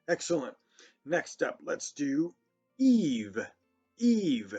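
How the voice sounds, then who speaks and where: A man teaching a children's phonics lesson, sounding out words slowly and praising often. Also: on the high side, big pitch swings, darkish tone, husky. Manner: slow, encouraging, praising often. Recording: dull lo-fi sound with faint music.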